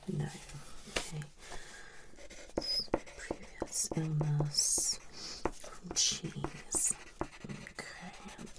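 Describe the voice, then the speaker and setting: Whispered role-play: woman as a tactless, flirty psychologist, low and gravelly, unhurried. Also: exaggerated voice. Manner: soft whispering, blunt tactless remarks. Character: unprofessional female psychologist, blunt and flirty. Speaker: ASMR creator.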